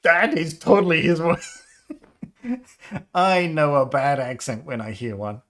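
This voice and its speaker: A man in his fifties chatting casually on a live stream, rambling, nostalgic and quick to laugh. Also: a little high, a bit bright. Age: 50s. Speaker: game developer livestreamer.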